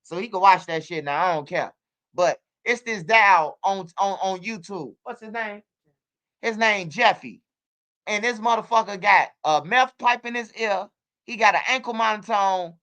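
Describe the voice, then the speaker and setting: A man in his forties, talking casually as a guest, telling animated stories in street slang with lots of profanity. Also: high-pitched, moderate pace. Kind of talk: casual interview chat.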